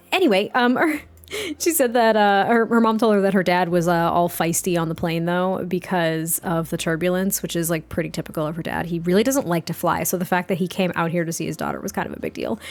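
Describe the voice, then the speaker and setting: A woman's voice: on the low side, brisk, soft background music. Chatty woman narrating a life-sim game. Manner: chatty, giggly, rambling. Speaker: let's play host. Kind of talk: casual game commentary and storytelling.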